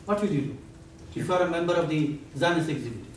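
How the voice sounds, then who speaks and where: A man lecturing a class, animated and quizzing students with playful asides. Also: on the high side, very fast. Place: large echoey lecture room. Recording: echoey classroom from far off, faint hiss.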